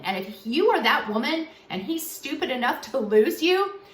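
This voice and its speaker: A woman's voice: high voice, fairly bright tone, echoey room. A woman relationship coach giving earnest, emphatic advice straight to camera in a vlog.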